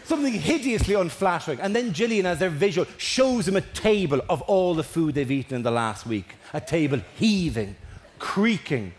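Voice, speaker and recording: A man with a fairly high voice tells a mocking stand-up routine with animated delivery. He is recorded live in an echoey venue, with the audience audible behind him. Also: normal speed. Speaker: stand-up comedian. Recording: echoey hall with audience noise.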